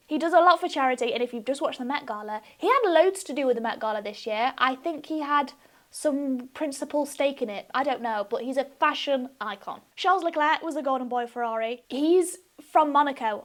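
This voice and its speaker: Young woman vlogger, high voice, giggly and gushing, casual chat. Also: fairly quick, fairly bright tone. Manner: giggly, gushing, self-deprecating. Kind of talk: casual chatty explainer.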